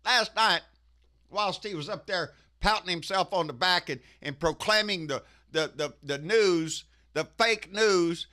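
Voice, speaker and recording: A man rants through his commentary in a high, bright voice. He is profane and folksy and keeps calling his listeners "baby.". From Texas. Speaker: political commentary host. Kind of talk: casual ranting commentary.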